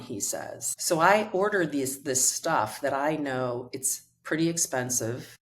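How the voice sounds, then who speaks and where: Middle-aged woman guest, coach, low register, animated storyteller. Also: slow pace. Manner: animated storyteller acting out quoted dialogue. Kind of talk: conversational storytelling.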